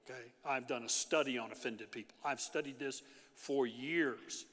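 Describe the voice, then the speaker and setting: A man preaching a sermon as pastor, in an animated, conversational way with frequent asides to the congregation. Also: mid-range voice, normal speed. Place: large church hall. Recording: long church hall reverb.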